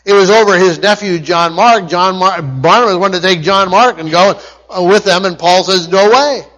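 High-voiced man preaching with emphatic repetition. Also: moderate pace, fairly bright tone, poor audio. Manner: emphatic repetition, frequent restarts and stumbles. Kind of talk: sermon.

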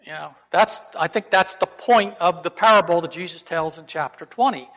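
The preacher here has a slightly high voice with a fairly bright tone and speaks at a moderate pace. He teaches a Bible lesson in a conversational way, posing rhetorical questions, and the hall recording is dull and reverberant.

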